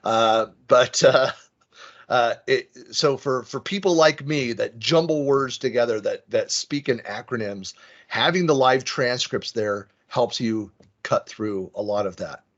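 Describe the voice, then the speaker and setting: A man's voice: medium pitch, unhurried, fairly bright tone. Bay area guy giving an online talk, rambly with lots of ums, kinda muffled call audio. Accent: Western US, Bay Area. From San Francisco Bay Area. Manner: rambling, self-deprecating, frequent fillers and restarts. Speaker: conference speaker. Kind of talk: online presentation. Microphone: video call.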